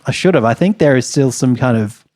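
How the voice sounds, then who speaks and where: A man co-hosting a podcast, chatting casually with dry, deadpan humor. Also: mid-range voice, a little fast. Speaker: podcast co-host.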